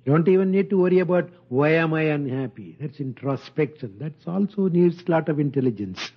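An older man giving an informal spiritual talk, speaking slowly and gently and chuckling often. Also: a little high, slightly rough, lo-fi sound. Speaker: spiritual teacher.

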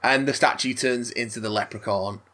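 A man recapping a film in casual chat, rambling with halting restarts and frequent laughs. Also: medium pitch, fairly even intonation, sharp tone. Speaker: podcast co-host recapping a film.

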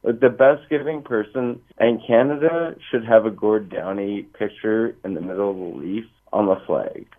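Man caller from hamilton, lowish voice, heartfelt, emphatic, phone line. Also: normal speed, few pauses. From Hamilton, Ontario. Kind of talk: phone-in chat.

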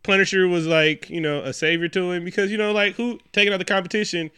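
Man, movie podcast co-host, rambling and profane, smooth clear voice, close dry mic. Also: sits high, fairly even intonation, fast talker, pushed and bright, dry recording. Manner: rambling, laughing, profane, acts out characters. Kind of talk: casual movie review chat.

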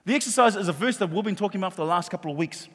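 High-voiced man preaching in a hall. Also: very fast. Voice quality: animated, jokey, repeats words. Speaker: pastor. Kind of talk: sermon. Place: church hall. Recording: long hall reverb.

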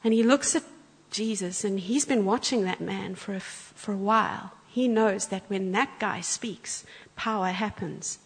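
Woman guest preacher, animated storyteller, husky and echoing in a church. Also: mid-range voice, moderate pace. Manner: animated storyteller, acts out quotes. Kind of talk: sermon with storytelling. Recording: church hall with long reverb.

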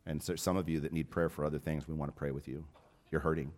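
A man with a very low, deep voice preaches to his congregation. His delivery swings between quiet, intimate stretches and loud, urgent appeals, the way a pastor drives a point home. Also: level tone, quick pace. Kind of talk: sermon.

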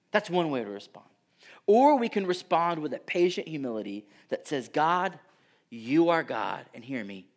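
A middle-aged man preaching from the pulpit with a fairly high voice. He swings between ringing, emphatic declarations and soft, almost whispered lines, with a lively, varied pitch. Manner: dynamic preaching, swinging from loud emphasis to hushed near-whispers. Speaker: pastor. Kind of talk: sermon.

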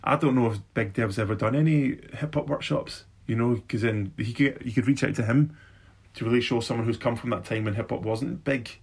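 Gravelly fast-talking Scottish man. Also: medium pitch. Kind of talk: casual conversation.

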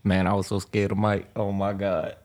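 A man's voice: sits low, flat delivery, normal speed, a little mellow. A man hosting a podcast, bantering and laughing a lot in casual chat. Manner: laughs often, joking banter. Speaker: podcast host.

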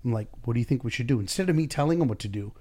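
In a warm, medium-pitched voice, a business owner fires off words rapidly and animatedly during a casual podcast chat. As the boss, he talks bluntly, curses freely, and acts out pieces of conversations to drive his points home.

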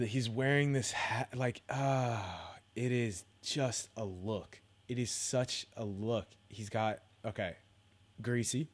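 Young male podcast host, slightly low voice, loose profane rambling delivery. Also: a little mellow. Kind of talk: casual solo podcast rant.

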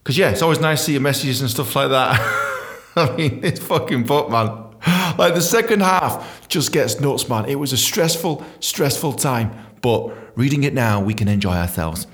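A man telling a comic story from his own book, swearing a lot, laughing often and jumping into a squeaky high voice to act out his younger self. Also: expressive, moderate pace, a bit bright. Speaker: comedian reading his memoir. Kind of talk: casual storytelling with read-out chapter.

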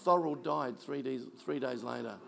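A man's voice: medium pitch, moderate pace, creaky. A man, a pastor telling stories in a sermon and mimicking the people he quotes. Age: 60s. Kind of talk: sermon storytelling.

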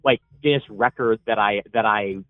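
A man's voice: fairly low pitch, moderate pace, dry recording. A man calling in to a podcast, friendly and rambling, stammering on his starts. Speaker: caller. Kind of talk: casual phone-in chat. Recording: tinny phone line.

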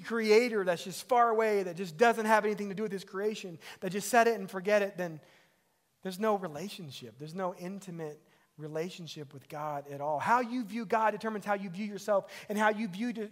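A middle-aged man, a pastor, preaching a sermon in a conversational way that rises to emphatic peaks. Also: high-pitched.

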